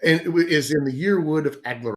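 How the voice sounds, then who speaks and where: A man in casual interview chat, explaining game design with enthusiastic, animated storytelling and some hesitations. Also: on the high side, fast. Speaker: guest, game author and designer.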